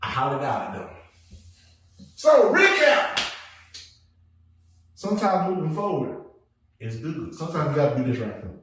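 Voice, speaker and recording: Animated joking man, echoey room. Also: medium pitch, normal speed, long pauses. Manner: animated, joking, laughs often, slangy. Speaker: podcast host. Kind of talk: casual chat. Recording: echoey room, far from mic, faint noise.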